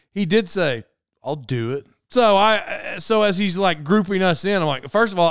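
Fast-talking rambling young man. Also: a little high, clear, resonant tone, no echo, clean studio sound. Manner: animated, self-interrupting. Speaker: storyteller. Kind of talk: casual anecdote monologue.

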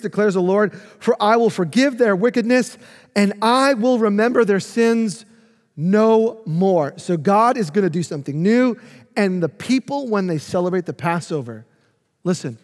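A male pastor preaching a sermon, emphatic and swinging from loud to hushed. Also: sits high, in a large hall.

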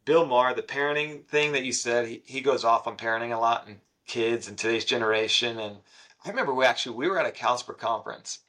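A man's voice: medium pitch, quick pace, sharp tone. A man co-hosting a podcast in easygoing casual chat, talking in loose run-on thoughts. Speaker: podcast co-host.

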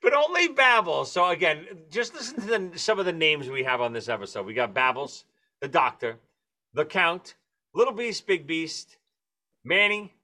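A man's voice: fairly high pitch, normal speed. A man hosting a casual chat, telling old stories with laughter. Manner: animated, laughing storyteller. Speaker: podcast host.

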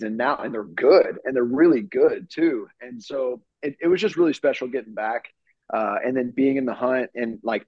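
A young man talks loosely and eagerly, full of "like" and "you know," and jumps into the voices of the people in his story. His pitch sits in a middle range, and the sound is dry and a bit dull, as from a remote call. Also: dry recording. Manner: animated storyteller, acts out quoted exchanges, many fillers. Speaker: professional baseball pitcher, guest. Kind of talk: casual interview storytelling. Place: home studio.

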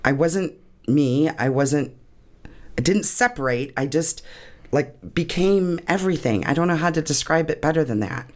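A woman's voice: low-pitched, lively intonation, normal speed. A woman telling an emotional personal story in an interview, earnest and often laughing, tearing up as she talks. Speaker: guest.

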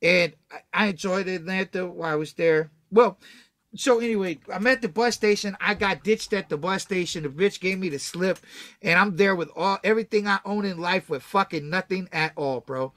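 A man's voice: high voice, moderate pace, no echo. A man from Texas telling a story from his own life as a guest, full of slang and swearing, acting out what people said. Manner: profane, slangy, acts out quotes loudly. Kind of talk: casual storytelling.

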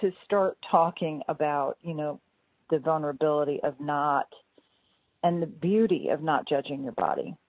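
A woman's voice: low-pitched, lively intonation, normal speed, no echo. A woman hosting a casual interview over a call, gushing and laughing often. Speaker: podcast host. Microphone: call audio. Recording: tinny call line, dry.

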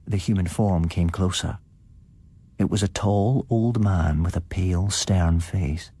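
A man giving a scripted, measured narration of a gothic tale. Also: low voice, warm tone, slightly rough.

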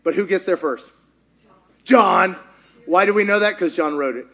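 A man preaching a sermon, retelling a story with animated delivery, acting out quotes and laughing often. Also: high-pitched, normal speed.

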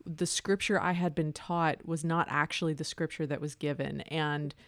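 A woman podcast host answering her guest in a reflective, affirming manner. Her voice is low for a woman. The sound is dry, with no room echo. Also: fairly even intonation, moderate pace. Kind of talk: conversational interview.

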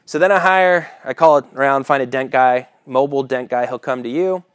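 Guy preaching, chatty story mode, little laughs, lots of "right?", mid pitch, dry close sound. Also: fairly quick, clear, resonant tone, no room sound. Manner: casual storytelling with chuckles and asides; keeps asking "right?" as he preaches. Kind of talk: sermon with a personal story.

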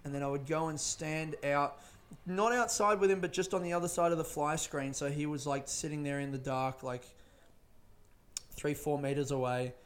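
A man's voice: fairly high pitch, moderate pace. A young man rambling through a personal childhood story in casual, profane chat, often laughing as he talks.

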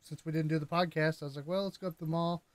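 A young man co-hosting a casual podcast, telling family stories in an animated way and laughing often. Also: on the high side, rapid-fire, dry recording. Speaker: podcast co-host.

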